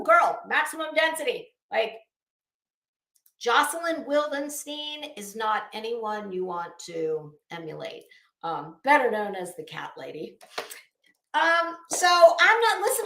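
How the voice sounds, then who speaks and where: A woman streamer does casual, chatty, sassy commentary, speaking directly to the people she discusses with asides and laughs. Her voice sits high and a bit bright, in a reverberant space.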